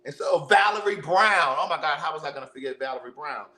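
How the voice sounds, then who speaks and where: A man telling stories loudly and animatedly while cooking, full of profane banter with his viewers. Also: on the high side, animated, fast talker, reverberant. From Baltimore, USA. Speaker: vlogger. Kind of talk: casual storytelling while cooking.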